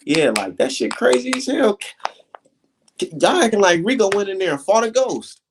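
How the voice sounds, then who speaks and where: A man hosting a casual live stream, talking fight talk in loose slang and getting animated as he rants. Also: normal speed, background noise. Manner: animated, slangy, swings high when mocking critics. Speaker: livestream host.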